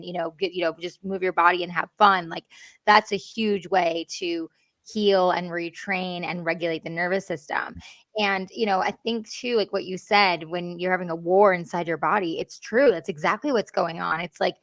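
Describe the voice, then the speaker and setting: A woman's voice: on the low side, a bit bright, no room sound. A woman speaking as an interview guest, talking candidly and earnestly with lots of fillers. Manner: chatty, earnest, heavy with fillers.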